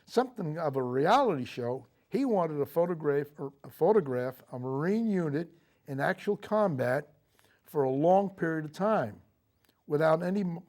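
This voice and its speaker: Older man, Marine veteran, TV studio interview, halting speech, slightly high voice. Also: lively intonation, a little mellow. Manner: halting, with frequent fillers and restarts. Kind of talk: recounting memories in a TV interview. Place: local TV studio.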